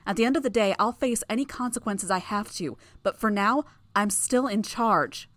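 A woman's voice: medium pitch, normal speed, a bit bright, no room sound, pitched above the performer's own voice, natural voice. A woman voicing a stern, commanding woman leader who speaks with force.

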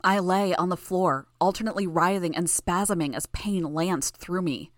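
A woman reading first-person fiction in a measured, tense way. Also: fairly low pitch, no room sound, studio quality. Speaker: narrator.

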